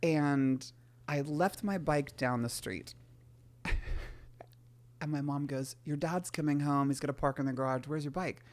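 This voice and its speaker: A woman in her forties speaks in a deep, low register. She is a guest on a talk show, telling candid stories from her childhood in an animated way. She slips into the voices of the people in her stories. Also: unhurried, pauses often. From San Francisco area. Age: 40s. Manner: animated storyteller who acts out family voices. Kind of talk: candid conversational storytelling.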